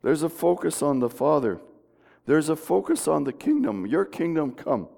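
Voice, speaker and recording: A man preaches a homey, conversational sermon, stumbling and restarting as he goes. His voice is rough and gravelly, sitting a bit high for a man. The sanctuary gives it a long, lingering reverb. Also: sing-song, normal speed, dark tone. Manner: folksy, conversational with frequent restarts. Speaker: pastor. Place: church sanctuary. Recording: long reverb of a church hall.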